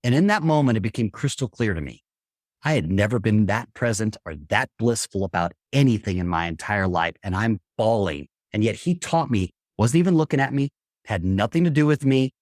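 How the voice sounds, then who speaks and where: A man's voice: lowish voice, lively intonation, brisk, a little mellow, dry recording. Middle-aged guy on a podcast, blunt and emphatic, swears a bit, dry close sound. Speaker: podcast guest. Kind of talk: animated storytelling.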